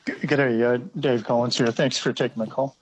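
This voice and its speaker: A man's voice: mid-range voice, fairly even intonation, moderate pace, dull audio, a little hiss or hum. A man with an Australian accent calling in to talk radio, making his points earnestly and stumbling over some words. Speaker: caller. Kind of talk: call-in radio opinion.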